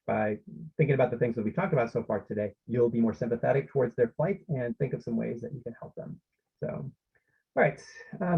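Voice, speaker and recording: Husky gravelly man presenting a webinar. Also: mid-range voice, lo-fi sound. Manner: explanatory, often checks in with the audience. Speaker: parenting workshop presenter.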